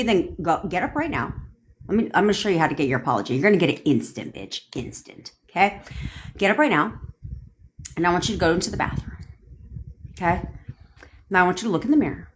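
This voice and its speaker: On a phone livestream, a manifestation coach answers viewer comments in a rant, blunt and profane, throwing rhetorical questions at her audience. Her voice is mid-range, and there's slight background noise.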